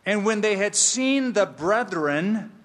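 A man preaching an expository sermon, emphatic and slow, with playful asides. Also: sits high, expressive, fairly bright tone, big-room sound. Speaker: pastor.

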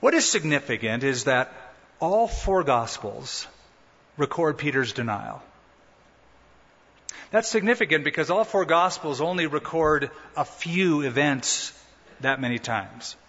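A man preaching a sermon as a pastor, animated, acting out quoted voices with a rising pitch. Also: a little slow, slightly rough. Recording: muffled, echoing hall recording.

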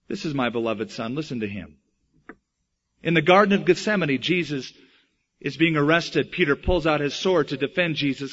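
A man preaching a sermon, telling Bible stories with animated delivery and acting out the quoted voices. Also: on the high side, highs cut off. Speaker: pastor.

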